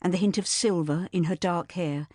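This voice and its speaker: A woman with a fairly low voice reads a historical novel aloud in an even, measured storytelling style. She is an audiobook narrator delivering scripted narration, recorded dry with clean studio sound.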